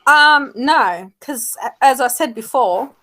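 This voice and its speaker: A woman's voice: sits high, expressive, slow pace, fairly bright tone. A woman arguing her side in a casual fan debate, firm and emphatic.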